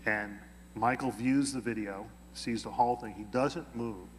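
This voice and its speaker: A man being interviewed, telling an anecdote in a lively way and acting out the quoted dialogue. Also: mid-range voice, unhurried, long reverb tail, a little hiss or hum. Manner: animated, acts out quoted dialogue. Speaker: interview guest. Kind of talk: anecdotal storytelling.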